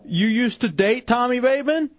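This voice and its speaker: Higher-voiced male radio host. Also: expressive, normal speed, no room sound. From Chicano American. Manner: joking, takes calls. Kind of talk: casual radio banter. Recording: dull lo-fi broadcast.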